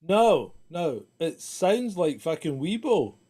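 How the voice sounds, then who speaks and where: A man's voice: a little high, big pitch swings, slow, dark tone, slightly rough. Sweary, teasing man. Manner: blunt, sweary, teasing, laughs often. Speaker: podcast co-host. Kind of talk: casual chat.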